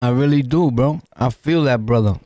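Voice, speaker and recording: A man's voice: medium pitch, moderate pace. A man with a New York accent giving casual reaction commentary as a podcast host, joking in street slang and laughing often.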